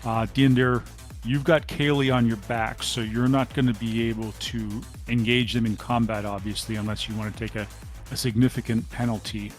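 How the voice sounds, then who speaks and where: A man serving as game master, narrating a tabletop role-playing session at a mid pitch. He lays out distances, gunfire and rolls in steady, descriptive sentences with occasional ums. Faint music sits underneath. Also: moderate pace.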